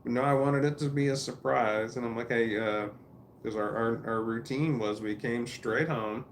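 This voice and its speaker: A man's voice: medium pitch, steady tone, normal speed, a little hiss or hum. A man telling a rambling family story in a casual, profane monologue, restarting his sentences often.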